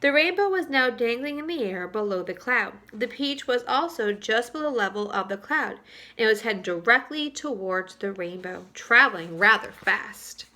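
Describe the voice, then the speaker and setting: A woman teacher reads a chapter book aloud to young students in a clear, expressive voice. She pauses to ask them questions. Her voice is high, bright and crisp. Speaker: third-grade teacher. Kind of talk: storybook read-aloud for children. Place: home, for virtual school.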